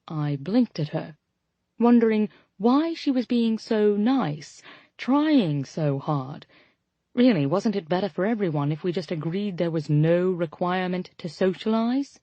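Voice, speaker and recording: A woman narrating a romance audiobook in first person, with a wry, animated storytelling manner. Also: on the low side, a little slow, no room sound. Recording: dry, slightly dull lo-fi audio.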